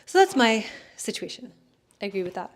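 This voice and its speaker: A woman's voice: fairly high pitch, big pitch swings, brisk. A woman astrologer in casual chat, answering viewer questions in a rambling, hedging way, full of fillers and self-corrections.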